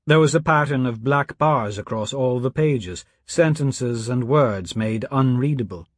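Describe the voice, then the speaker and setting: Male narrator, audiobook, measured and quiet, husky, dry close sound. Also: mid-range voice, no room sound.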